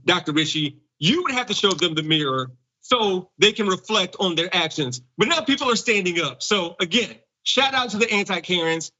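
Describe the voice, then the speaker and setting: A man co-hosts a talk show, offering amused, conversational remarks. His voice sits high and sounds bright. The audio is slightly dull. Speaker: co-host. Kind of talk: casual commentary.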